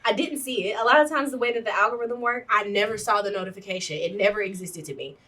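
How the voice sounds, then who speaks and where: A woman's voice: medium pitch, quick pace, pushed and bright, distant mic. A woman co-hosting a podcast, emphatic and profane, often chiming in over her co-host. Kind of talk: casual chat.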